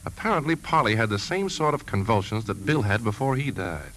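An actor playing a worried uncle who talks in a hesitant, troubled way. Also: male voice, lowish voice, very animated, brisk, fairly bright tone, a little hiss or hum, poor audio. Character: worried grown man, family uncle.

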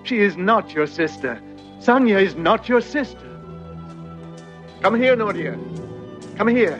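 A man's voice: high voice, animated, measured pace, a bit bright. An actor playing a stern fatherly village elder in an old film, speaking in a declaiming, emphatic way. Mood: joyful. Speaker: film character. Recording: dull old film soundtrack with music. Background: film score.

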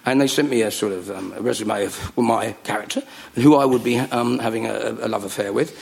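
A middle-aged man telling comic stories to a live audience, animated and full of jokes and voices. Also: lowish voice, a little fast, vocal fry. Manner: animated joke-telling, does voices and laughs. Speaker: comedian guest.

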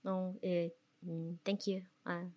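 A woman voicing a bewildered, put-upon captive guest with a fake French accent, speaking quietly and hesitantly. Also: fairly low pitch, flat delivery, slow pace. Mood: mock-forlorn.

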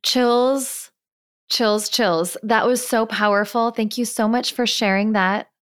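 A woman hosting a podcast, reacting to her guest with effusive, exclamatory warmth. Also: fairly high pitch, steady tone, slow pace, clear, resonant tone. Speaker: podcast host. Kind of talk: conversational interview.

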